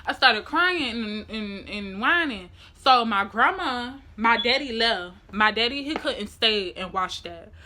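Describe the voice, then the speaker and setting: Bright-voiced young woman telling a story. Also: a little high, a little slow, hardly any pauses, a little hiss or hum. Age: young adult. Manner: animated, demonstrative storytelling. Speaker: vlogger. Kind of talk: emotional storytime.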